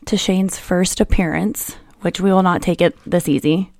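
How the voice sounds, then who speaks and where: A woman's voice: lowish voice, fairly even intonation, a little mellow, dry recording. Playful woman podcast host, dry sound. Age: 30s. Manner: teasing, playful, quick to laugh. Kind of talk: casual chat.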